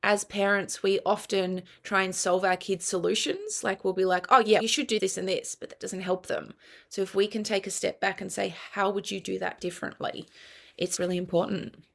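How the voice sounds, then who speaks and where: This middle-aged Australian woman speaks at normal speed in a mid-range, somewhat bright voice with vocal fry and fairly level intonation. As an interview guest and family and child counselor, she earnestly explains parenting, sprinkling in quoted dialogue.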